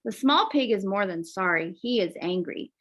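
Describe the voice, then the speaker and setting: A woman teacher reading a children's picture book aloud, expressive, adding little asides to young listeners. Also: mid-range voice, normal speed, slight background noise. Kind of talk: children's storybook read-aloud.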